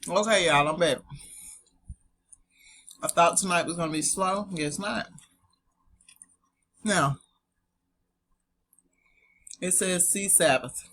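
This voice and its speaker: A woman's voice: fairly low pitch, slow, long pauses, a bit bright, slight background noise. A woman with a Southern US accent, reading dictionary entries aloud to her viewers and breaking off for chatty asides. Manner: chatty, talks straight to viewers as "y'all". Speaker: online Bible etymology presenter.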